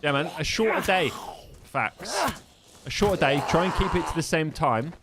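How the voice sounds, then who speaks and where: Lively, sweary English streamer. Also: male voice, on the high side, moderate pace, gravelly, very noisy. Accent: neutral English. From English Midlands. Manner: sweary, joking banter with chat. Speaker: game streamer. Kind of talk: casual live-stream chat while gaming.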